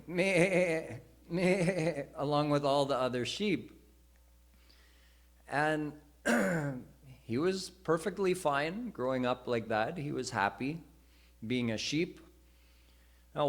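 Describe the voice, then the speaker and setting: A male senior preacher delivers a live sermon in a slow, deliberate way. His voice sits at a middle pitch and he explains each point with care. He moves between teaching and storytelling at an unhurried pace. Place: temple hall.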